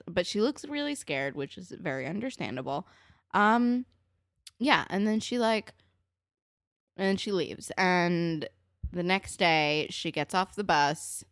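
A woman's voice: on the low side, a bit bright, no room sound, clean studio sound. A young woman co-hosting a casual recap podcast, blunt and profane, slipping into exasperated character voices. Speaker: podcast co-host.

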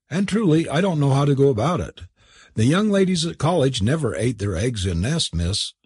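A flustered cook in disguise, anxious and servile, pleading in a raised, husky voice, as a man reads the part. The delivery is dry and close, with plenty of swing in the pitch. A storybook figure played for comedy. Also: no echo, full character voice.

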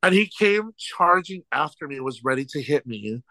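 A man who works as a drag show host, a guest on a podcast telling stories in an animated, laughing way and acting out quotes. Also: fairly high pitch, normal speed, dry recording, low-quality recording. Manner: animated, laughs through stories, quotes people in lively voices. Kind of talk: casual storytelling chat.

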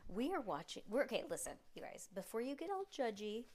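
A woman in her thirties hosting a podcast with her young daughter, talking in a chatty, excitable way full of rambling asides. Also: a little high, brisk. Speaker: podcast host and mother. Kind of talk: casual chat reading to kids.

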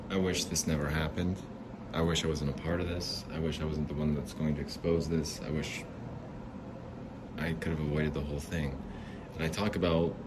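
A man talking in a halting, reflective, rambling way as the host of his own show. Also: extremely low pitch, background noise. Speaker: podcast host. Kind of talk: casual monologue.

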